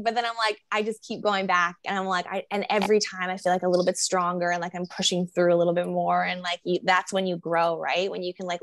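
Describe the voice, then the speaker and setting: A woman with a lowish, gravelly voice, musing aloud in a relaxed podcast interview. She rambles and reflects, leaning on fillers as she talks. The sound is dry and close. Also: no echo. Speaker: guest, body acceptance coach.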